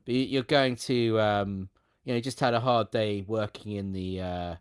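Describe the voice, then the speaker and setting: A man's voice: fairly low pitch, fairly even intonation, moderate pace, smooth, no room sound, studio quality. A man co-hosting a podcast over a remote call, chatting casually and going off on jokey tangents with lots of restarts. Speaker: podcast co-host. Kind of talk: casual chat.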